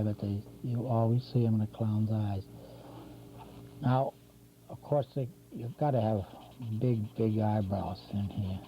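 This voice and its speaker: An older man demonstrating cartoon drawing, talking casually and correcting himself as he works. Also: mid-range voice. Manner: rambling, talks while drawing, self-correcting. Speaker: drawing instructor. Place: local TV studio. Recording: dull lo-fi 1990s community TV audio with faint hum.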